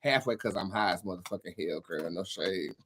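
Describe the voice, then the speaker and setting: A young man hosting a live tarot stream, chatting casually in an animated, campy way, swearing freely and laughing often. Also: low voice, a little fast, background noise.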